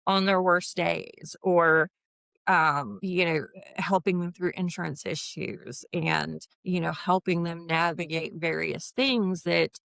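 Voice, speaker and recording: A woman's voice: fairly low pitch, fairly even intonation, takes it slowly, gravelly, a bit bright, no echo, clean studio sound. A woman in her fifties, a guest in a casual interview, chatting about her HR consulting work and acting out quoted dialogue with laughs. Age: 50s.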